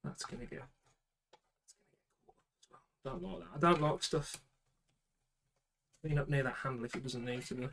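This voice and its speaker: A man's voice: medium pitch, moderate pace, long pauses, a bit bright, a little hiss or hum, low-quality recording. A man with a British accent chatting casually to himself and the camera while building a computer, with muttered asides. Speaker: PC builder vlogger.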